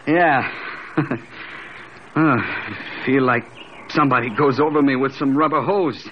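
An actor playing a guarded, hard-bitten small-time gangster who talks in curt, deadpan slang, in 1940s radio acting. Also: male voice, medium pitch, measured pace, a little hiss or hum, close to an everyday voice. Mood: gruff. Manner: slangy tough-guy talk, curt and deadpan. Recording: muffled old radio broadcast.

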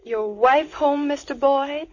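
A woman's voice: high voice, slow pace, darkish tone. An actress playing a timid, nervous young girl in a 1940s radio drama, fearful and pleading, on a dull old recording.

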